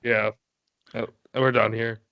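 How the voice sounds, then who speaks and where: A man co-hosting a casual podcast, reeling off sports numbers between easy laughs. His voice is smooth and resonant at a middle pitch. The recording sounds dull and lo-fi. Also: little pitch movement, slow. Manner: rattles off baseball stats, laughs easily. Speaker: podcast co-host. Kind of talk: casual chat.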